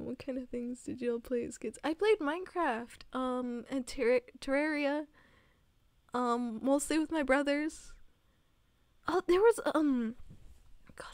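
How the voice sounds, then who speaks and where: A woman's voice: sits high, no room sound, clean studio sound. An eighteen-year-old woman streaming, chatting casually and rambling, laughing often.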